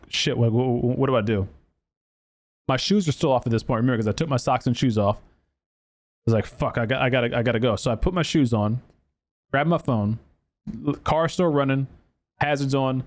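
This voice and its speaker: Male podcast host, swears freely, rambling animated storytelling. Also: medium pitch. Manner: profane, animated storytelling with acted quotes; lots of fillers and restarts. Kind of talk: casual storytelling.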